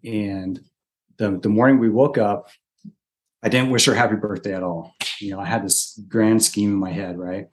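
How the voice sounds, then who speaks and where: A man's voice: lowish voice, moderate pace. Chatty man telling a story. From Utah. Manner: animated, chatty storyteller who acts out quotes. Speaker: podcast guest. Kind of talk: casual storytelling.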